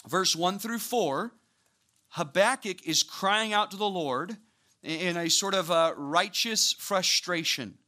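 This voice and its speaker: A man preaching a sermon, walking through scripture with lively, casual asides and acted-out voices. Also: sits high. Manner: animated, acts out voices of biblical figures with casual asides.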